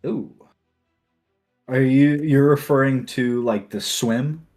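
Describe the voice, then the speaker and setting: A man narrating as game master of a tabletop game, in a relaxed, laid-back way. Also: medium pitch, slow, soft background music.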